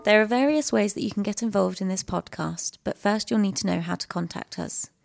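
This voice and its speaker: A woman, an archivist co-hosting a podcast, chatting in a relaxed way and laughing easily. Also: mid-range voice, brisk, creaky, soft background music. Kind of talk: casual podcast chat.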